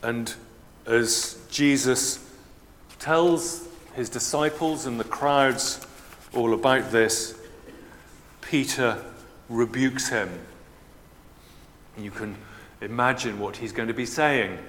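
Man preaching, slow and measured, explanatory, long church reverb. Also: medium pitch, fairly bright tone, slight background noise. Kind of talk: sermon.

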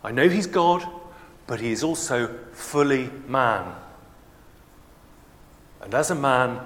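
A man preaching a sermon in a measured, explanatory, conversational way. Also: mid-range voice, lively intonation, a bit bright. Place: church. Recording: long church reverb.

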